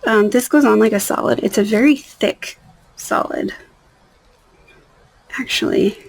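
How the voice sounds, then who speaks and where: A young woman talks casually while painting her nails, her voice husky and a little gravelly. She sits somewhat high for a woman and rambles, often dropping to a near-whisper at the ends of thoughts. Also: measured pace, low-quality recording. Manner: rambling, soft-spoken, drifting into near-whispers. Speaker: nail art vlogger. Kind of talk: casual chat.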